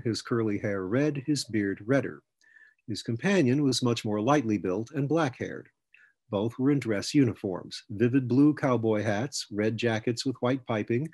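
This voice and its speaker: Husky male audiobook narrator. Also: medium pitch, a little mellow. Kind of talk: scripted narration.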